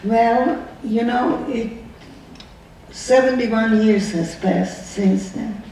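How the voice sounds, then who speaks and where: A woman's voice: a little high, extremely slow, dark tone, slight background noise. A woman in her nineties giving a personal testimony, telling her story earnestly and asking many rhetorical questions. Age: 90s. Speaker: survivor speaker. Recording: distant echoey hall recording, faint ambience.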